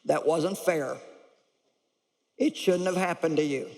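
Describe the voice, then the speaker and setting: Woman giving a calm, firm divine voice. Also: sits low, slow pace, big-room sound, voice pushed down.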